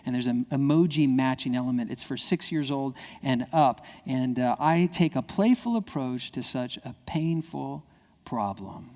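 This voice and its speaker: A man giving an animated, playful keynote talk, acting out family dialogue in other voices. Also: unhurried. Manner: playful, jumps into high voices when quoting kids. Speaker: keynote speaker. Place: civic center hall. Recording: long reverb of a large hall.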